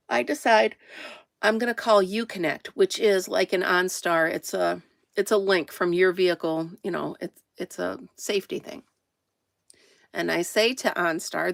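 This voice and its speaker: A woman's voice: mid-range voice, creaky, fairly bright tone, dry recording, studio quality. A woman chatting casually to viewers on a live stream from inside her camper, greeting them by name and laughing often. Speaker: livestream host.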